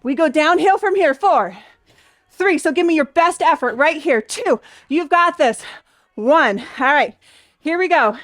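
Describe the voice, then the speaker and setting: A woman's voice: high-pitched, animated, measured pace, fairly bright tone, no room sound, clean studio sound. A young adult woman leading a Pilates class, cheering and counting reps, a bit out of breath. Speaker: Pilates instructor. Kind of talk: workout class instruction.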